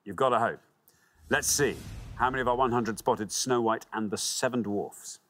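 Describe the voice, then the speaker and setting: A man's voice: mid-range voice, moderate pace, a bit bright. A man with a British accent hosting a TV quiz show, with playful, theatrical introductions. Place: TV studio with audience.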